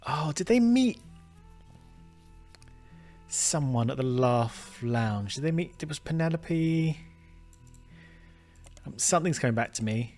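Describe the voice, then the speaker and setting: A man's voice: a little high, lively intonation, slow, pauses often, darkish tone, faint music behind. A man casually commenting on a detective game as he plays, thinking aloud with lots of fillers and restarts, chatty and self-mocking. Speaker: gaming video host. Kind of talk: casual let's-play commentary.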